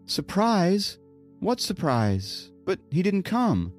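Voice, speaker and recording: A man putting on a young woman's voice for an audiobook: high, strained and climbing as her hopes rise. She is anxious and excitable, pleading and shouting, with a soft spread of music underneath. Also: moderate pace, lightly acted. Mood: anxious, excited.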